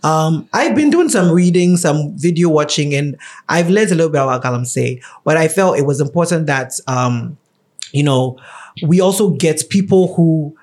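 Young Ghanaian man, podcast host, bright-voiced and upbeat, loose chatty delivery with lots of laughs, pitched a bit high for a man. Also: expressive, moderate pace. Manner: chatty and playful, laughs often, switches into a mock radio voice. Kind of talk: casual chat.

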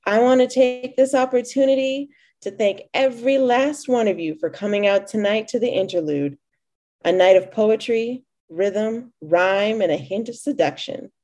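A showy female club emcee gushes in a sing-song lilt over the crowd, as a woman reader puts her on. The tone stays soft and mellow, never sharp. It is a storybook reading, not a full performance. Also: a little high, normal speed, close to an everyday voice. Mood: gushing.

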